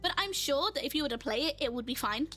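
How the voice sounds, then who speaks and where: A woman's voice: high-pitched, expressive, fast talker, sharp tone, soft background music. A woman streamer chatting casually while playing a game, laughing often and answering her chat as she goes.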